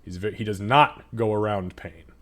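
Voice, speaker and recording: A man's voice: lowish voice, moderate pace. A man narrating a tabletop game as game master in a loose, profane, filler-heavy way.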